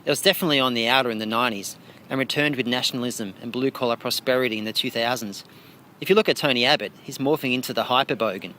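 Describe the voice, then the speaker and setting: An Australian man talking through interview answers about his art, his delivery dry and wry. His voice sits at an ordinary middle pitch, and a faint hiss of noise runs under the recording. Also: pushed and bright. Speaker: interviewed artist.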